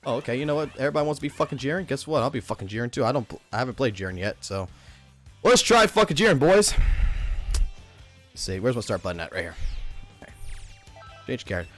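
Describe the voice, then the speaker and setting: A man in his thirties giving casual stream commentary as a livestreamer, ranting in an animated, profane, rambling way. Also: mid-range voice, quick pace, pauses often, faint music behind. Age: 30s.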